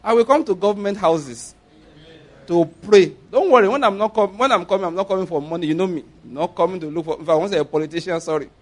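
High-voiced Nigerian preacher. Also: male voice, fast talker. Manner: playful, acts out dialogue, laughs often. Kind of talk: sermon with acted-out stories.

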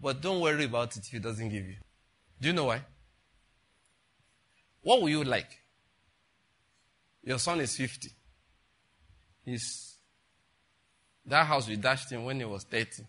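A man's voice: mid-range voice, lively intonation, measured pace, long pauses, pushed and bright. An older man, a pastor giving a chatty, rambling sermon full of rhetorical questions to the congregation. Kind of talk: conversational sermon.

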